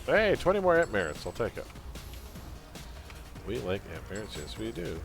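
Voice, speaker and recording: A man's voice: on the low side, huge pitch swings, moderate pace, creaky, over music. A man hosting a live game stream, chatting casually with viewers and teammates, joking and laughing often.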